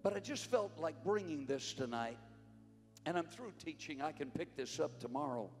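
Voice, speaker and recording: An older man preaching in a church sanctuary. His pitch swings widely as he rises to shouts and sinks back to quiet, earnest lines. The sound rings with a long hall reverb, and faint music plays behind him. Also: expressive, normal speed. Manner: fervent, rising to shouts then dropping low. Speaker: conference preacher. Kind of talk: sermon.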